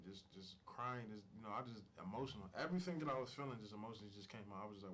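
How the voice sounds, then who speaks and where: A man's voice: fairly low pitch, expressive, racing, a bit bright, a little hiss or hum. A young man telling his personal story as an interview guest, frank and emotional, with casual slang and plenty of fillers.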